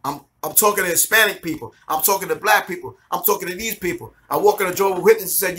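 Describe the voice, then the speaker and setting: A man gives his personal testimony before a congregation. His voice sits high and sounds sharp and bright. He tells the story animatedly, slipping into the voices of the people in it. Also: rapid-fire, few pauses. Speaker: minister giving his testimony.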